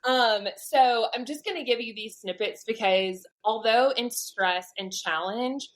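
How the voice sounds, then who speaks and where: A Southern US woman in her thirties, appearing as a podcast guest, shares a personal faith story as a storytelling testimony, animatedly imitating the people she quotes. Her voice is fairly high and unhurried, and the recording is low quality.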